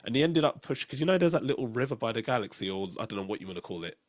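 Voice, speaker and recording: A man hosting a casual chat, sharing memories with many pauses and fillers. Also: mid-range voice, animated, a crowd in the background. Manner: hesitant, many fillers and restarts, soft-spoken. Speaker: podcast host.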